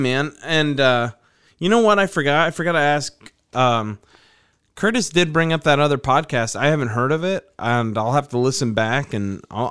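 Podcast host, male, smooth clear voice, loose rambling delivery. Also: medium pitch, fairly bright tone. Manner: rambling, restarts and laughs easily. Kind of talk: casual podcast chat.

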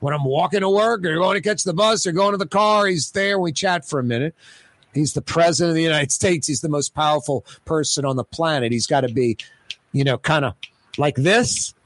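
A man talking on his radio show from a studio with a close microphone. His voice sits a bit high for a man, and the sound is dry with almost no room. He chats loosely and repeats himself in stammered restarts. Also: brisk, fairly bright tone, no room sound. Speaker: radio talk show host. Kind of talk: casual radio talk with giveaways.

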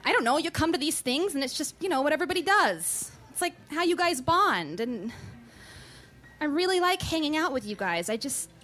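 An actress playing a woman who fakes being drunk to fit in, talking in halting, stammering bursts with overplayed slurring, in a live comedy sketch. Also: high voice, animated, a bit bright, soft background music. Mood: confessing.

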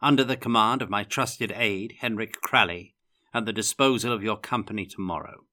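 A man's voice: fairly low pitch, normal speed, sharp tone. A man reading as a genial ghost-loving prince. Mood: relishing. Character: male prince, genial, relishes ghost stories.

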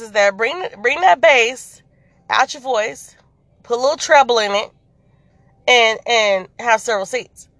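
A woman in her thirties or forties, a mother, casually telling a story to her followers in a chatty, animated way with many fillers. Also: a little high, dry recording. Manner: chatty, animated, lots of "you know". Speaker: vlogger.

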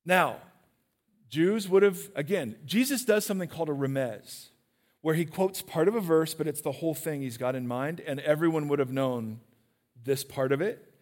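A man preaching a sermon in a church, animated and questioning his listeners directly. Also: on the high side, normal speed, big-room sound.

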